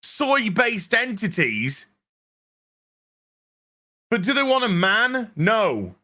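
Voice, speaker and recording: Man, ranting review, sarcastic, swears a lot, slow-paced, lively pitch. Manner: sarcastic, profane. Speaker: show reviewer.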